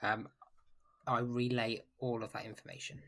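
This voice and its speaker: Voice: medium pitch, little pitch movement, normal speed. Laughing tabletop game player. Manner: laughing, loud, self-interrupting. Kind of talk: casual tabletop game chat.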